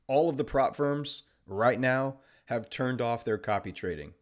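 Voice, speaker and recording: A mid-range male voice, taking its time, belongs to a trading livestream host. He jokes around sarcastically and reads his viewers' chat aloud in casual conversation.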